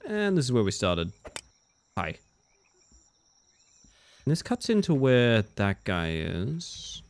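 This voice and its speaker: This game streamer speaks slowly in a medium-pitched male voice whose pitch swoops wildly. Playing live, he chats casually with his audience, answering chat and reacting to what happens on screen.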